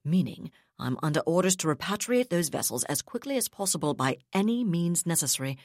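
A woman voicing an unflinching male naval captain who speaks calmly, firmly and in measured terms. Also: on the low side, dry recording, clean studio sound. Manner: calm, firm, measured.

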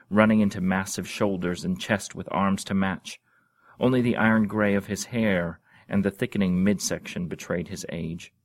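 A man reading a fantasy story aloud in a measured, expressive way. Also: low-pitched, no echo. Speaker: narrator.

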